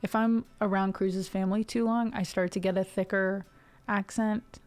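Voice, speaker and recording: With soft music in the background, a twenty-something woman from Ohio who streams music talks casually to her live audience, wandering off on tangents and using lots of fillers. Her neutral General American speech is smooth and medium-pitched, at a normal speed with fairly even intonation.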